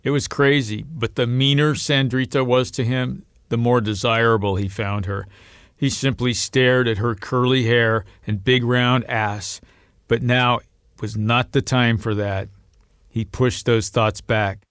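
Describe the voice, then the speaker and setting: A man narrates a novel in a steady, measured reading voice. His tone is smooth and resonant at an ordinary middle pitch. The sound is close and dry, with no room around it. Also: no room sound. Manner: steady storytelling, lifts pitch and volume for quoted voices. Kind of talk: audiobook reading.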